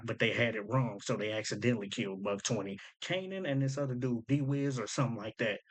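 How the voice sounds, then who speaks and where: A man hosting a casual breakdown of rap lyrics, thinking aloud, repeating lines back and explaining them in loose slang. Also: mid-range voice. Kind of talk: casual commentary.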